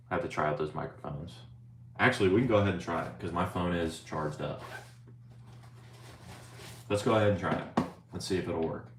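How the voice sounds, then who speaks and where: A young man chatting casually on a live stream, rambling and swearing, often saying "bro" and reading viewer chat aloud. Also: low voice. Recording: roomy, faint ambient noise.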